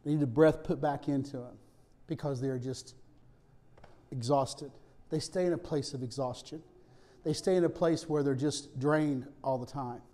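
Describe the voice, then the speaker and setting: A male pastor preaching a sermon conversationally, often checking in with "okay?" and dropping to hushed tones for serious points. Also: mid-range voice, steady tone, normal speed. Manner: storytelling with rising emphasis, softening to hushed tones.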